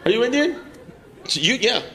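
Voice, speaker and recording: A fast-mouthed male stand-up, ribbing audience members in brash, profane banter. His voice sits high for a man. It was captured live over a loud crowd and steady room noise. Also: creaky. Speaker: stand-up comedian. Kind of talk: crowd work at a live comedy show. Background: audience laughter and crowd noise.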